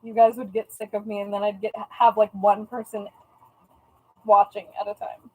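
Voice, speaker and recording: A woman's voice: medium pitch, level tone, moderate pace, husky, rough recording. A young woman from the US West Coast chatting casually on a live stream while she packs orders at home, playful and talkative. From US Pacific time zone. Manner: chatty and playful, tries out joking Spanish phrases. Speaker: live-stream host and online shop seller.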